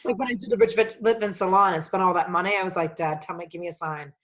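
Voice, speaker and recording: A woman guest on a coaching podcast, telling personal stories in an animated, emotional way, swearing freely and rambling as she goes. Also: lowish voice, fast talker. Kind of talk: casual storytelling conversation.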